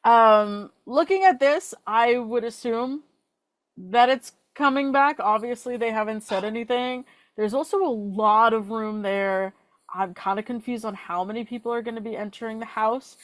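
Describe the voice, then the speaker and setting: A young woman co-hosting a fan podcast in casual chat, chatty with quick asides and filler words. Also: fairly high pitch, no room sound. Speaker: podcast co-host.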